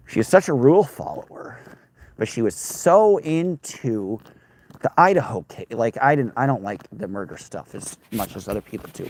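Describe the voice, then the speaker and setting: A man's voice: medium pitch, a little mellow. A young man, a former news anchor, chatting in a rambling, wry way while walking outdoors in the cold and answering viewers. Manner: rambling, self-interrupting, wry. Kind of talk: casual walking vlog chat, answering viewer comments.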